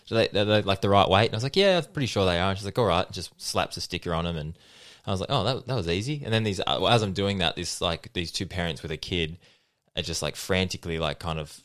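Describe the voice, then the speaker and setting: A young man hosting a podcast, telling stories in a quick casual chat and acting out the people in them. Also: low-pitched, steady tone, a bit bright, no room sound, clean studio sound. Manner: fast storytelling, acting out quoted people. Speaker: podcast host.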